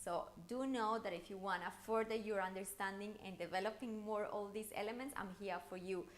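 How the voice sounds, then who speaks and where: A woman coaching viewers through an online challenge lesson, talking in an animated, encouraging way with intonation that rises and falls. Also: mid-range voice, brisk, a little hiss or hum. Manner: encouraging, speaks straight to the viewer. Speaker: communication coach.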